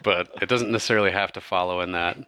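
A man's voice: low voice, fairly even intonation, fast, pushed and bright, smooth, dry recording. A man running a tabletop game as game master, narrating in a loose, chatty way.

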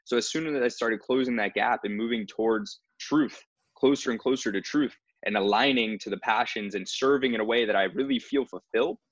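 Husky man, earnest, on a dull dry recording. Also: on the low side, brisk, dry recording. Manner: earnest, spiritual talk. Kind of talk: casual conversation.

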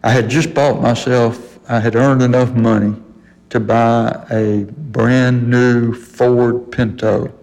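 A man's voice: mid-range voice, flat delivery, takes it slowly, darkish tone, big-room sound, low-quality recording. An older man telling a story on a radio talk show, folksy and chuckling often.

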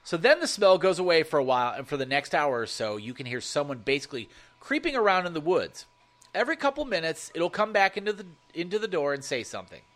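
A man narrating a first-person horror story, swearing freely and telling it with animated energy. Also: a little high, fast talker.

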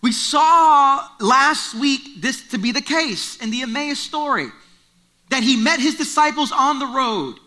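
A man's voice: very high-pitched, lively intonation, measured pace, bright, forceful tone. A man preaching a sermon, retelling a story in a conversational way and driving points home through repetition. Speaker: pastor.

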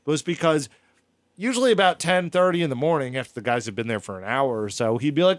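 A man telling a story in a casual, animated podcast chat. His voice sits a little high. The sound is dry and close. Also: fast, no room sound.

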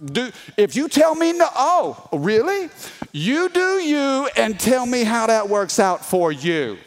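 A sarcastic, fatherly divine voice, put on by a male preacher in a sermon, pitched high with swooping inflections and drawn-out, mocking words. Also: very animated, slight background noise, exaggerated voice. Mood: wry teasing. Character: God speaking to Jonah, wry, teasing, fatherly.

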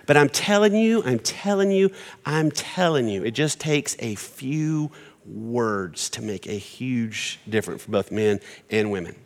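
A middle-aged man preaching in a big church hall, joking and acting out little quoted lines. His pitch sits in the middle for a man. A long reverb trails after each phrase. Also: unhurried. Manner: animated and joking, acts out quotes. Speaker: pastor. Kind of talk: sermon. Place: large church hall with congregation.

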